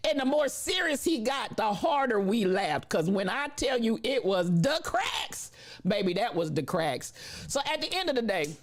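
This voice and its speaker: A woman host telling a funny story in a casual, animated way, often laughing and talking to her chat. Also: fairly high pitch, normal speed. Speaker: livestream host.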